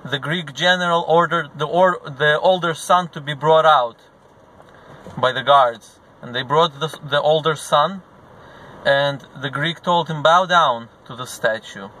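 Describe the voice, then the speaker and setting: A man's voice: on the high side, fairly even intonation, measured pace, pushed and bright, low-quality recording. A man serving as a religious teacher, retelling a religious story in earnest and acting out the characters' lines as he goes. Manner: acts out the characters' dialogue within the narration; earnest storytelling with a few restarts.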